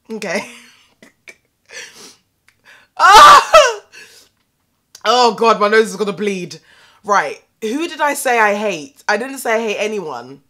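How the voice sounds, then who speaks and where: A young British woman vlogging at home, talking straight to the camera in a sassy, animated rant. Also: mid-range voice. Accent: British English. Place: indoors at home.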